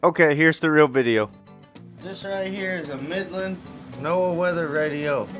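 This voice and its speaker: A middle-aged man hosts a casual DIY vlog, loud, joking and quick to swear. His voice sits high for a man. Clear music plays behind him. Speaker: channel host, circuit bender.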